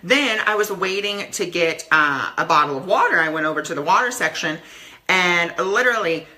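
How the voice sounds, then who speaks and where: A man's voice: sits high, animated, normal speed, pushed and bright. A man giving a casual live-stream talk as a spiritual teacher, earnest and repeating affirmations, with many "you know" fillers.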